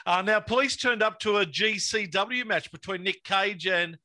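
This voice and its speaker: A man's voice: sits high, moderate pace, bright, forceful tone, no room sound. A man hosting a podcast, casually moving topics along with jokes. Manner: joking, moves topics along. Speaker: podcast host. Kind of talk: casual chat.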